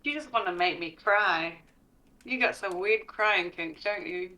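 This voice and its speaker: New zealand accent, woman, bright clear tone, laid-back joking gamer chat. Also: mid-range voice, a little slow, rough recording. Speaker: guest player. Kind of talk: casual gaming chat.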